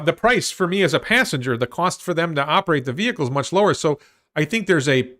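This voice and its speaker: A man with a fairly high voice hosts a solo livestream. He thinks out loud, breaks off and restarts, reads viewer comments, and builds into an annoyed rant. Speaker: host of a livestream on stocks.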